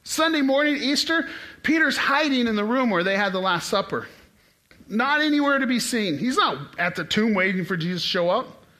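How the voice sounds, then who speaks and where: Animated high-voiced man preaching. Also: normal speed. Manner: animated, conversational preaching with sudden rises in pitch and volume. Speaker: pastor. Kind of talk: casual sermon.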